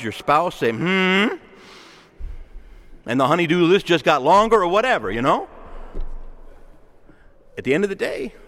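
Man preaching in a church, chatty and animated, kinda high, tons of hall reverb. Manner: conversational, animated, acts out quoted voices. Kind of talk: sermon. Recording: long reverb of a large hall.

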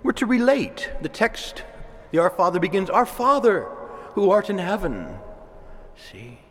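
A man's voice: high voice, very animated, a little slow. Man preaching in an echoing church. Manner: conversational preaching with asides and soft laughs. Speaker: priest. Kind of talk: sermon. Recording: long reverb of a church hall.

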